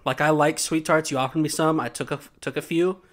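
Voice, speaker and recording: Teasing young man, fairly high voice. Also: fairly even intonation, fairly quick. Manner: teasing, joking. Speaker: podcast co-host. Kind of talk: casual chat.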